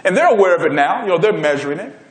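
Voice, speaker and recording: Man, keynote speaker, energetic storyteller, fairly high voice, echoey conference hall. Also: rapid-fire. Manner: energetic, storytelling, crowd-engaging. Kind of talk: motivational keynote speech.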